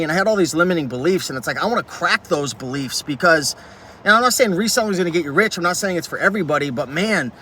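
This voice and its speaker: A man who makes YouTube videos about reselling sits in a vehicle, with faint traffic noise around him, passionately ranting to camera about the topic. He's fired up and uses "like" constantly, and his voice is a little high with a sharp tone.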